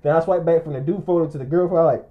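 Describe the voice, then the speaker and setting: A man's voice: fairly high pitch, very fast. A young man telling a long, rambling story in casual chat, often breaking into laughter. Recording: muffled lo-fi recording.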